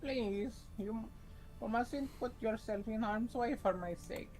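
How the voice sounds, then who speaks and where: A man voicing a doddering, gentle and grateful old woman in a soft, pleading voice. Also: high voice, measured pace, pitched above the performer's own voice, low-quality recording. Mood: wistful.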